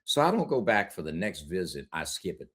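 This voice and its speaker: Deep-voiced middle-aged guy telling his story on an interview, candid, laughs a lot, chatty. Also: big pitch swings, a little fast, fairly bright tone, slightly rough. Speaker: guest.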